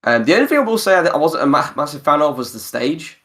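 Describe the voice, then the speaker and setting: A man hosting a podcast in casual chat, animated and quick to laugh. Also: a little high. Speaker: podcast host.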